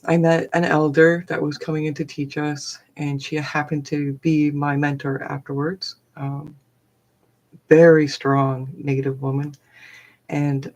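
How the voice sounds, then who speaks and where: Middle-aged woman, low voice, rambling live-stream storyteller, lots of filler words. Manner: chatty, heavy with fillers like "like" and "um". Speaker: live streamer and forest therapy guide.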